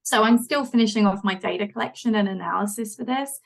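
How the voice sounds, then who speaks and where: Gravelly-voiced woman scientist explaining. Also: mid-range voice, rough recording. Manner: measured, explanatory. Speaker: scientist guest. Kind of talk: podcast interview.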